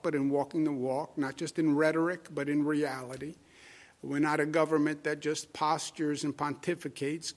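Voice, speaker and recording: A man with a Queens New York accent, a state official giving a press briefing statement with emphatic repetition and frequent filler sounds. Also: a little high.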